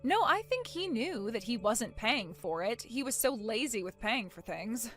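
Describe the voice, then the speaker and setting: Woman as a smug calm young wife, soft sarcastic delivery, slightly high voice, faint music under it. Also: measured pace. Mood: matter-of-fact. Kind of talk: animated story voice acting.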